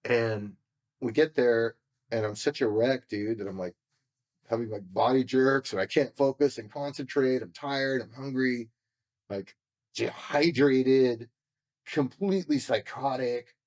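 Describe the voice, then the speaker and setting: A man's voice: medium pitch, a little slow, darkish tone. A man from California telling his story as a podcast guest, candid, emotional and profane, acting out what people said to him. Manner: emotional and confessional.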